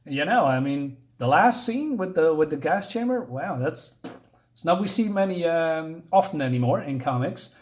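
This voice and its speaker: A man casually reviewing a comic book, paging through it while pausing often to search for words. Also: fairly high pitch, expressive. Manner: halting, searches for words, many fillers.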